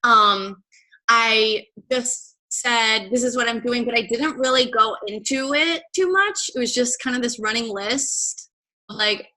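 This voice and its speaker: A woman's voice: fairly high pitch, measured pace, pushed and bright, rough recording. A young woman leading a team training call as coach, chatty and blunt, swearing freely and filling her talk with "like" and "right?".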